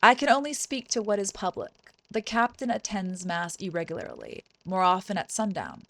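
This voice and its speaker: A measured, courteous village priest from a mystery game, read aloud by a woman in her own voice. The tone is gravelly and creaky, and the sound is dry and close with no room around it. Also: mid-range voice, big pitch swings, no echo. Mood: calm, formal. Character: calm, formal male village priest. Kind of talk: reading game dialogue aloud.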